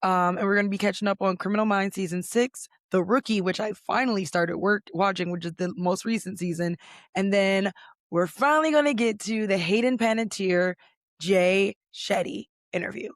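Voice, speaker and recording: A hoarse woman, her voice mostly gone, hosts a casual solo podcast from a chilly office. She talks in a chatty, rambling and self-deprecating way at a middle pitch. The sound is dry and close, with no room echo. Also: moderate pace. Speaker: podcast host. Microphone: computer recording setup.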